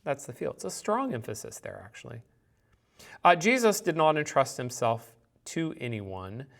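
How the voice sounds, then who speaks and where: A man's voice: mid-range voice, very animated, moderate pace, gravelly. A man teaching a recorded Greek grammar lecture, thinking aloud and explaining patiently with examples.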